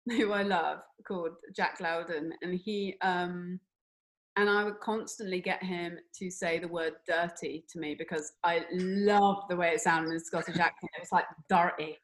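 A young woman, an actor, chatting in an interview, laughing often and filling pauses with ums. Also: on the low side, fairly bright tone, low-quality recording. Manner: laughing, chatty, with many fillers. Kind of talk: casual interview chat.

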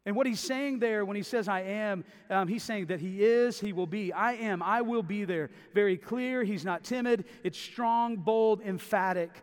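A man's voice: high voice, normal speed, hardly any pauses, clean tone. A man preaching a sermon, emphatic and repeating phrases for stress. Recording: long reverb of a large hall.

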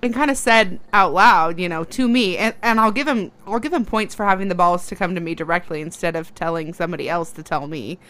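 Frank young woman with a smooth voice. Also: fairly low pitch, a little fast, hardly any pauses, fairly bright tone. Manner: frank, laughing, hesitant fillers. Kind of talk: casual chat.

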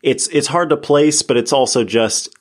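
A man's voice: mid-range voice, moderate pace. A man from the American Midwest with a Midwestern accent, talking casually as a podcast guest, full of fillers and restarts. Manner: chatty, many fillers and restarts, laughs often. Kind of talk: casual interview talk.

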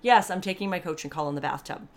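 Podcast host, woman, a touch low in pitch, candid rambling monologue with lots of asides. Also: fast. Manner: chatty, rambling, with many restarts and asides; warmly earnest and grateful.

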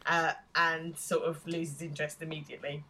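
Bright-voiced chatty woman podcaster. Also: low-pitched, flat delivery, moderate pace. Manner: chatty, laughs often. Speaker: podcast co-host. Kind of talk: casual chat.

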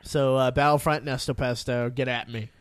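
A man's voice: medium pitch, steady tone, normal speed, clear, resonant tone. A man co-hosting a casual podcast, rambling and laughing as he tells stories and acts out little voices. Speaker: podcast co-host.

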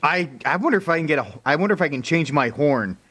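A man's voice: fairly high pitch, expressive, fast talker, a bit bright. A man co-hosting a talk radio news segment, talking casually and wryly with a joking edge. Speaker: news co-host.

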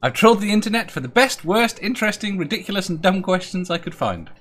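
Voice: medium pitch, lively intonation, fast talker, a bit bright, a little hiss or hum. A quiz show host running a casual group call, giggly and teasing.

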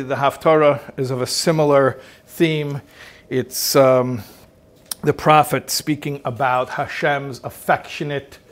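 Male rabbi, mid-range voice, relaxed teaching delivery that turns emphatic on key points. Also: mid-range voice. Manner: emphatic, swells and drops in loudness, asks rhetorical questions. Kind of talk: conversational religious teaching.

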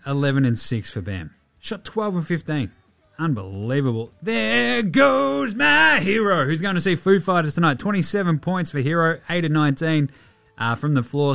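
Man, sports podcast host, fairly high voice, dry close sound, energetic, swears a lot. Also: dry recording. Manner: energetic, profane, rattling off stats. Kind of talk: daily sports podcast recap.

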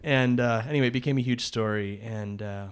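Man, podcast co-host, rambling casual storytelling, middle pitch. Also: fairly quick, smooth. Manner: rambling, many restarts, laughs through his story.

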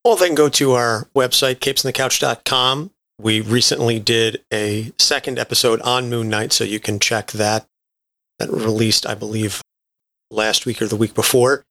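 A man speaking as a guest on a casual podcast, measured and thoughtful. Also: mid-range voice, steady tone, a bit bright, no room sound.

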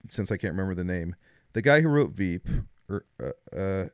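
Enthusiastic man, smooth low voice. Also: lively intonation, moderate pace, no echo, clean studio sound. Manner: enthusiastic, rambling, gushing. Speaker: podcast co-host. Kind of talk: casual film chat.

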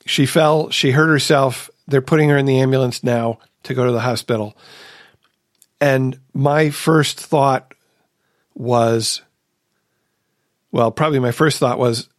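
A man's voice: mid-range voice, fairly even intonation, measured pace, pauses often, no echo. A man with a mid-range voice hosts a recovery podcast in casual conversation. He tells personal stories earnestly and asks himself rhetorical questions. The close, dry mic leaves no sense of a room. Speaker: podcast host.

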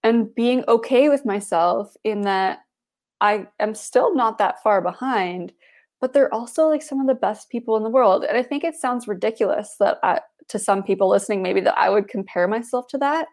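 A woman's voice: medium pitch, normal speed, a little mellow. A woman guest speaking earnestly and reflectively in a casual chat.

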